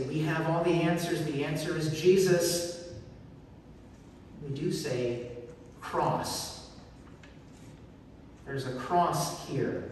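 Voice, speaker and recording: Captured on a phone from the pews, a pastor with a fairly high-pitched voice delivers an earnestly emphatic sermon. The church hall echoes from far off, and there's slight background noise.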